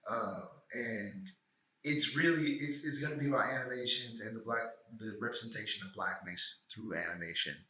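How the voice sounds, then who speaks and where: A man hosting a podcast, a doctoral student, talking in a reflective, measured way with some slang. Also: on the low side, sharp tone. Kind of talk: casual conversation. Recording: echoey room.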